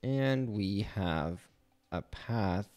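Slow, low-voiced man walking through a hack. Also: faint music behind. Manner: thinking aloud, relaxed, with fillers. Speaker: channel host teaching penetration testing. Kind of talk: screen-recorded tutorial walkthrough.

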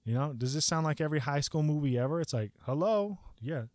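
Animated, swearing man telling a story. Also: on the high side, quick pace, no room sound, studio quality. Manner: animated, profane, rambling with many "like"s. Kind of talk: casual storytelling vlog.

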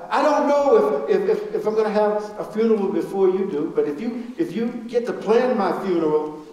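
A man's voice: high voice, a little mellow, voice pushed up. A man voicing a resolute young preacher son. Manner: urgent, pleading. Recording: echoey hall, mic far off.

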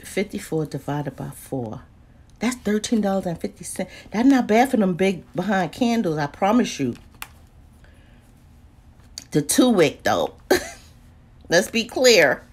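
A woman, chatting casually about deals in a lively vlog, with lots of exclaiming and laughing. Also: medium pitch, slow, long pauses, slightly rough. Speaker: deals vlogger. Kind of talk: casual live chat.

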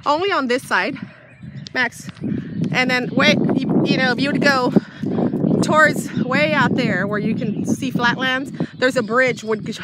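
A woman with a high, steady, unhurried voice vlogs casually while walking her dog by a windy bay, slightly out of breath, rambling and laughing often. She records on a handheld device as she walks, and loud wind, birds, and her dog are heard over the outdoor noise.

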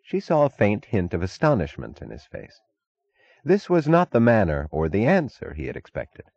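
A man narrating an audiobook in a measured, even reading. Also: lowish voice, gravelly, dry recording, highs cut off. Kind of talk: scripted narration.

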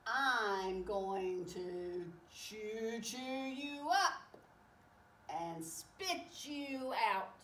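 A woman's voice: a little high, animated, extremely slow, a bit bright, slight background noise, full character voice. A woman voicing a boastful male shark in a children's picture book, taunting playfully. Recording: echoey room, far from mic.

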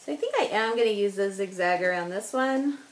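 Chatty, self-deprecating woman narrating her crafting, medium pitch, faint background noise. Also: lively intonation, brisk, rough recording. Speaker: scrapbooking vlogger. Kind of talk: casual talk while crafting.

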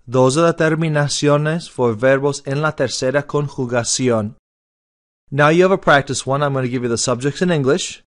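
A man's voice: mid-range voice, a little fast. A man teaching a Spanish grammar lesson, spelling out verb endings letter by letter and mixing English with Spanish. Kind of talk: slow deliberate classroom lesson.

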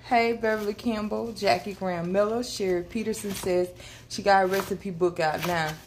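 A woman's voice: medium pitch, steady tone, moderate pace. A woman co-hosting a live cooking stream, greeting viewers by name in a friendly way. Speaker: co-host reading viewer comments. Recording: noisy kitchen with chopping and dishes.

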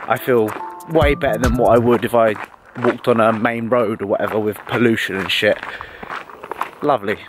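A man's voice: fairly low pitch, fairly even intonation, normal speed, music in the background. A young man in his twenties vlogging casually, blunt and sweary, rambling while out of breath on an outdoor hill walk. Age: 20s. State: out of breath while walking uphill. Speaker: bodybuilder vlogger. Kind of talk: casual vlog.

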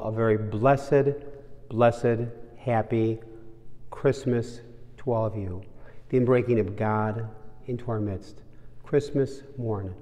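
Slow, mellow-voiced priest telling stories. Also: male voice, on the low side, long reverb tail. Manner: unhurried, gently humorous storyteller. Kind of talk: homily with jokes and stories.

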